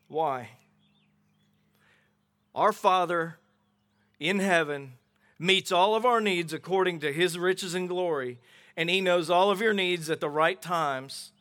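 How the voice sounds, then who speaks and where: Slow, lively middle-aged male preacher. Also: high-pitched. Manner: animated preaching, acting out voices in Bible stories. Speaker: pastor. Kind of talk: sermon. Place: outdoor gathering without a building.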